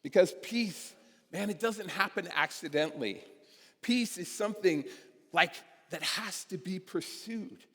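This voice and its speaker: High-voiced preacher in a reverberant church. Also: male voice, animated, a little slow, fairly bright tone. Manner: conversational storytelling with casual fillers. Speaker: guest preacher. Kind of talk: sermon. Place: church sanctuary.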